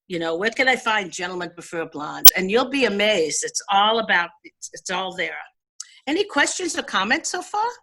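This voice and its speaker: Bright-voiced, chatty older woman talking about movies. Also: on the low side. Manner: chatty and enthusiastic, with many fillers. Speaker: film critic giving an online talk. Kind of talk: casual talk on movies.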